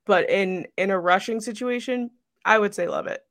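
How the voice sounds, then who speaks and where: Female co-host, casual, bright tone, mid pitch, dry close sound. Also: moderate pace, no echo. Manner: hesitant restarts, thinks aloud. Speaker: podcast co-host. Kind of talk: casual sports chat.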